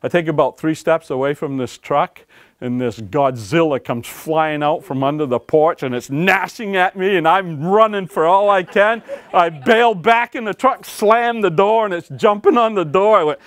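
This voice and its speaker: A man, an author and former game warden, telling stories to a library audience in a folksy, animated way, acting out quotes and laughing along. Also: fairly high pitch, moderate pace, dry recording. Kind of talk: storytelling talk to an audience. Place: library talk room.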